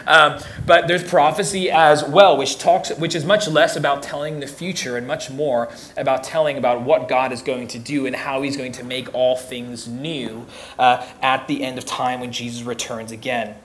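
A man's voice: mid-range voice, steady tone, moderate pace, fairly bright tone, slight background noise. A young man teaching as a youth pastor in a casual, joking way, often repeating words as he restarts sentences. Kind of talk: casual teaching talk to teens.

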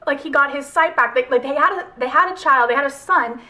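Her voice sits high and sounds bright and forceful, and she talks fast. This woman, a book vlogger, rambles through a chatty, filler-heavy review of a film adaptation, gushing with emotion.

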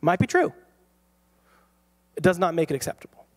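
A man's voice: sits high, normal speed. Storytelling man preaching a sermon. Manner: storytelling, animated, laughs often. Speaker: pastor. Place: church.

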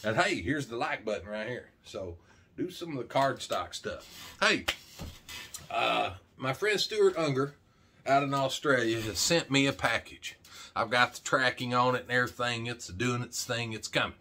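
A middle-aged man from Arkansas, USA, hosts his own vlog, chatting casually and rambling in a folksy, jokey way. He speaks straight to camera and says "man" a lot, with a medium-pitched, expressive voice at normal speed and a sharp tone. There's slight background noise.

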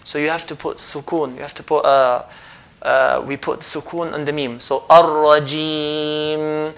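A man with a bright, ringing voice that sits a little high for a man. He teaches recitation step by step, explaining patiently and then stretching each sound out slowly in repeated demonstrations. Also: fairly even intonation, gravelly. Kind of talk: step-by-step pronunciation lesson.

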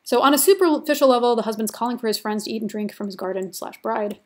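A woman's voice: a little high, quick pace. A woman giving a recorded literature lecture in a chatty, informal way, with many casual fillers.

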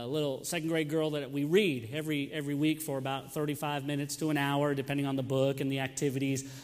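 A young man, a youth pastor making joking announcements and telling stories to his congregation. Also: a little high. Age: young adult. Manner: chatty, joking, talks to the congregation by name. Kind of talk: sermon announcements and storytelling. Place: church sanctuary. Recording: long hall reverb.

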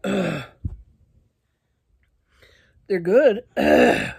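A woman vlogging casually to her viewers, out of breath and clearing her throat often, talking in halting restarts. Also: mid-range voice, a little mellow, no room sound, studio quality. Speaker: YouTuber eating spicy candy. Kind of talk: casual vlog talk to camera.

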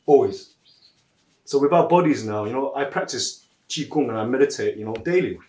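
A man's voice: mid-range voice, animated, normal speed, darkish tone. Laid-back man in an echoey room. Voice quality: laid-back, chuckles often, says "man". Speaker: massage therapist. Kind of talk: casual chat and storytelling. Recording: roomy echo.

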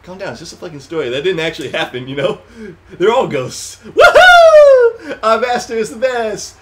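A young man giving casual, excitable gameplay commentary with friends, swearing, laughing and breaking into loud outbursts. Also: on the high side, brisk, background noise. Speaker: gaming commentator.

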